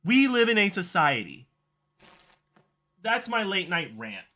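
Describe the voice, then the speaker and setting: A game streamer ranting casually late at night, exasperated and animated, repeating "like" and whole phrases. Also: medium pitch, a little slow. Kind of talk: casual late-night rant while gaming.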